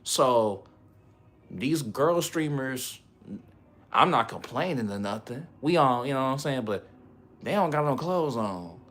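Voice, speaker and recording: Male livestreamer, bright ringing voice, casual rambling slang. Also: medium pitch, animated, a little slow, long pauses. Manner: rambling, slangy, laughs often.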